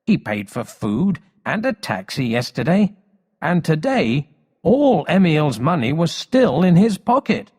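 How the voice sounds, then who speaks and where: A man's voice: on the high side, very animated, measured pace, a little mellow, slightly rough, voice pushed up, full character voice. A man reading aloud, voicing a bold, outspoken boy leading his group. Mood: insistent. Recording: long hall reverb.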